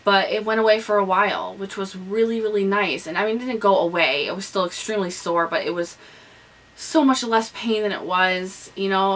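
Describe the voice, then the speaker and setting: A woman's voice: medium pitch, a bit bright, far from the mic, rough recording. A young woman vlogging a candid, chatty pregnancy update, with lots of ums and restarts. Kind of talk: casual pregnancy update vlog. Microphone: camera on a stand nearby.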